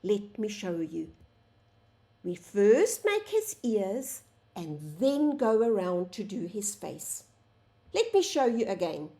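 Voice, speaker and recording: A woman teaching a phonics lesson to young children, sounding out letters and words slowly and calling the class "boys and girls". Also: mid-range voice, very animated, mellow. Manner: slow, sing-song, sounds out letters, addresses "boys and girls".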